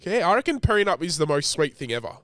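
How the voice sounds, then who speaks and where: A man's voice: fairly high pitch, big pitch swings, fast, fairly bright tone, dry recording, studio quality. A young Australian man co-hosting a podcast, blunt and full of swearing and banter. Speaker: podcast co-host. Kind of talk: casual chat.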